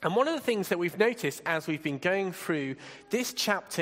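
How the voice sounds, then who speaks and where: Lively man with a playful Bible talk. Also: high-pitched, in a large hall. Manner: playful, directing helpers with quick asides. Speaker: church leader giving a talk. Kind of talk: interactive Bible talk with volunteers.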